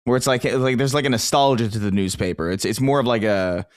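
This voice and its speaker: A man's voice: mid-range voice, brisk, clear, resonant tone, no echo, studio quality. A man co-hosting a podcast, musing in a laid-back, casual way with some swearing. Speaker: podcast co-host.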